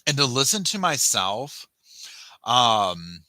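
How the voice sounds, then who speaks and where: A man's voice: mid-range voice, big pitch swings, slow pace, sharp tone, dry recording. A man hosting a casual live chat, rambling and restarting his sentences as he thanks viewers by name. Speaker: livestream host.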